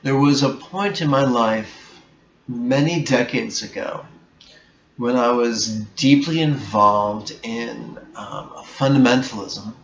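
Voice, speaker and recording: A man giving a reflective spiritual talk as a meditation teacher, slow, deliberate and bluntly emphatic. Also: medium pitch. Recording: echoey room, dull sound, faint hiss.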